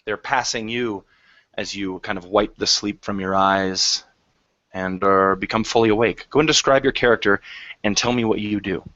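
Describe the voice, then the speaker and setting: Low-voiced game master, dry lo-fi sound. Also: male voice, fairly even intonation, fairly bright tone, dry recording. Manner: descriptive, halting with fillers. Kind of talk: narrating a tabletop game.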